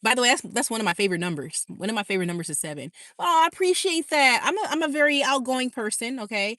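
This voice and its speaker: A woman's voice: on the high side, sing-song, quick pace, a bit bright, no room sound, studio quality. A woman hosting a casual livestream, reading out viewer comments in a bubbly, chatty way and laughing often. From California. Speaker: livestream host.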